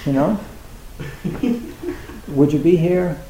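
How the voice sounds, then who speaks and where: Gravelly Zen teacher rambling in an echoey hall. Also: male voice, medium pitch, expressive, a little slow, dark tone, a little hiss or hum. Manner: rambling, many fillers and restarts. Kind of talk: informal Dharma talk to a meditation retreat. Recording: echoey room.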